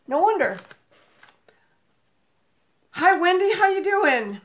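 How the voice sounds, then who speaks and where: A woman's voice: extremely high pitch, big pitch swings, slow, a bit bright. An older woman hosting a casual live stream from home, chatting and greeting viewers by name into a phone camera. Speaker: livestream host. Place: home room with a table. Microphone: phone camera on a table.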